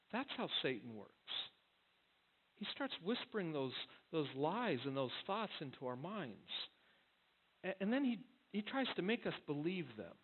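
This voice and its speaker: A man's voice: a little high, slight background noise. A male pastor giving a sermon in a conversational storytelling way, often restarting his words. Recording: tinny phone-like sound.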